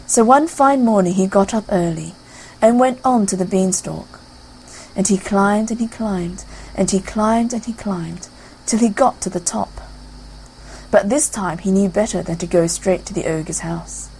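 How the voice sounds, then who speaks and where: A woman narrating a classic fairy tale aloud in a lively storybook reading style. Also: medium pitch, a little slow, a little hiss or hum, poor audio.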